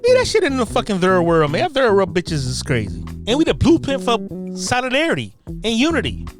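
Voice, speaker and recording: An American speaker delivering a loud, profane, combative rant that keeps repeating its points. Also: mid-range voice, wildly swooping pitch, a little fast, music in the background. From United States. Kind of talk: ranting monologue.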